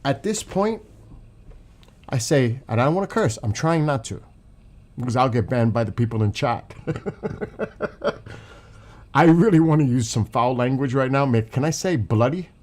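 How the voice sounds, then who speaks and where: A man's voice: mid-range voice, expressive, normal speed, darkish tone. Angry new york guy ranting on his stream, swearing a lot, talking to chat. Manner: angry, profane, emotional ranting. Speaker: livestream host. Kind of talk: heated political commentary to chat.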